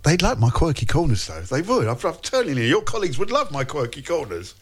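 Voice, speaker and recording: Animated man hosting breakfast radio. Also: on the high side, brisk, husky. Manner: animated, laughing, playful banter. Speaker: radio breakfast show host. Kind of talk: casual radio chat reading listener messages. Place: radio studio.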